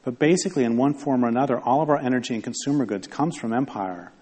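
A man's voice: medium pitch, fast, dark tone, a little hiss or hum. A man giving a conversational public talk to an audience, rambling and wry, often interrupting himself. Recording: long hall reverb.

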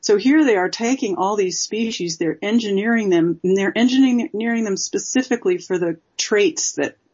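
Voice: medium pitch, moderate pace, darkish tone, husky. An interview guest, a former zoologist, explaining at length with many fillers. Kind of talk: interview conversation. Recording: dull lo-fi recording.

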